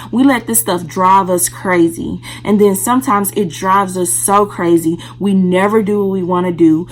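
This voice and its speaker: A woman vlogging to camera, telling her own story in a frank, conversational way. Her voice sits at an ordinary middle pitch. She speaks directly to the people watching, with a faint hum behind her. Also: rough recording. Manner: candid, talks straight to viewers.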